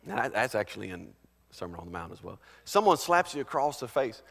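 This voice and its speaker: A male pastor delivering a sermon, swinging between loud, emphatic preaching and quiet, conversational storytelling. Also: fairly low pitch, sing-song, fairly quick, creaky, in a large hall.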